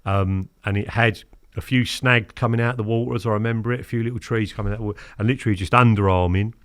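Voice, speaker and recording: Low-voiced man in his fifties. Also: fast, no room sound, clean studio sound. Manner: animated, acts out quotes, keeps asking "do you know what I mean?". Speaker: guest. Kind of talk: casual storytelling interview.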